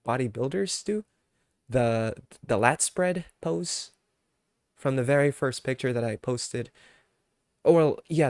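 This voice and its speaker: Male streamer, easygoing and rambling, filler-heavy casual chat, mid-pitched voice, dry sound. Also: darkish tone, no echo. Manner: laid-back, rambling, many fillers, quick to laugh.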